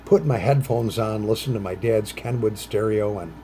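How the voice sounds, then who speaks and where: A man's voice: moderate pace, a little hiss or hum. Rambling middle-aged man musing aloud. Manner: rambling, trails off into low mutters; puts on bright, higher voices for quoted phrases. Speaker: vlogger. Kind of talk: casual chat while smoking a pipe.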